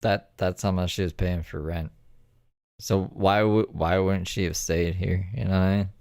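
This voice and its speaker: Deep-voiced man, dry sound, mocking commentary host. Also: steady tone, moderate pace, vocal fry, darkish tone, no room sound. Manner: sarcastic, profane. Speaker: reaction commentator. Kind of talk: casual reaction commentary.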